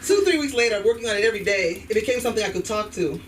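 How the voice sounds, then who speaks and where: A woman's voice: mid-range voice, rapid-fire. Nigerian lady in her 50s doing stand-up, voice bouncing all over, far-off mic in a noisy club. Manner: animated, switches between voices. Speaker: stand-up comedian. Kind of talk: stand-up comedy set. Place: comedy club stage. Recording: distant mic, noisy room. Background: audience laughter.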